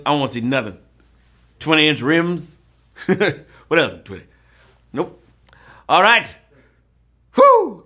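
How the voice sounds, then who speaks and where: A man's voice: medium pitch, sharp tone. A man hosting a live trivia show, reading questions with playful rhyming quips and jokes. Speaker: trivia game show host.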